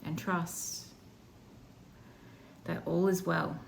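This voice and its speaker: A woman voicing an archangel spirit she channels, speaking in a soft, slow, reassuring way. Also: on the low side, level tone, gravelly, slight background noise, heavily acted. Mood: gently reassuring. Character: gentle guiding archangel spirit, calm and reassuring.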